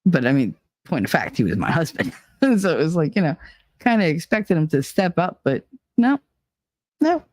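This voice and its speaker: A woman's voice: sits low, sing-song, normal speed, long pauses, a little mellow, no echo. A middle-aged woman hosting a casual solo talk show, blunt and opinionated, swearing freely and laughing often. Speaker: podcast host.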